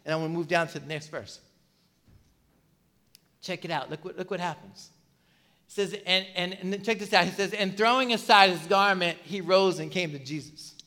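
A man preaching a sermon in a conversational, energetic way, often restarting his words. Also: high-pitched, normal speed. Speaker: pastor.

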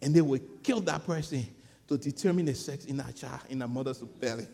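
A man preaching a sermon, swinging between shouted peaks and hushed storytelling, often repeating words as he gathers his thoughts. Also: mid-range voice, fairly quick, creaky. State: sweating. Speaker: pastor. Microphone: clip-on mic.

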